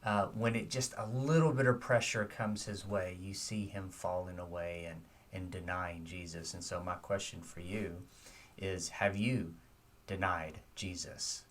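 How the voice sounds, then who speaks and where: A man's voice: sits low, steady tone, measured pace, far from the mic, slight background noise. A man giving a short devotional sermon, earnest and reflective, putting direct questions to his listeners.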